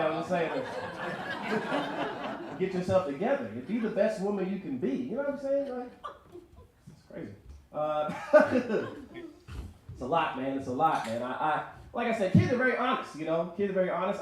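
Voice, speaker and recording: In a record store's performance space, a man in his twenties does stand-up, chatting conversationally and checking that the crowd is keeping up. His voice is high with big pitch swings and a fairly quick pace. The room is very echoey, with a little hiss or hum.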